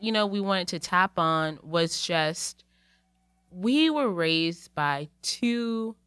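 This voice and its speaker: A woman co-hosting a podcast, opening the episode in an unhurried, earnest manner. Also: fairly low pitch, sharp tone, smooth, dry recording. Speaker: podcast co-host. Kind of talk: casual podcast chat.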